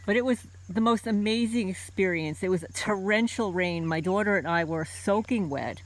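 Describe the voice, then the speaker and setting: A woman's voice: mid-range voice, moderate pace. Talkative middle-aged woman recalling a memory. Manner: conversational, with many fillers and restarts. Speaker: homesteading channel host. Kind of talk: personal storytelling to camera.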